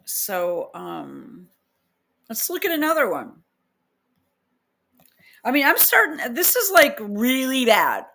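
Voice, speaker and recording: A woman's voice: fairly high pitch, huge pitch swings, slow, vocal fry, long pauses, pushed and bright. A woman reading posts aloud and picking apart their grammar in an exasperated, incredulous casual rant. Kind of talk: casual ranting commentary.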